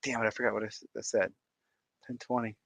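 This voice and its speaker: Excitable male streamer reading chat; bright, dry close sound. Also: lowish voice, fast talker, gravelly, dry recording. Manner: excitable, reacts aloud to viewer comments. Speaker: livestream host. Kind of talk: casual livestream chat reading comments.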